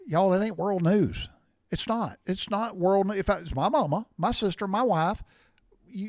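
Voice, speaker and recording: A man's voice: sits high, no echo. Blunt man ranting into a dry mic. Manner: blunt, folksy, repetitive, easily worked up. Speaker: podcast host. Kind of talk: opinionated solo podcast rant.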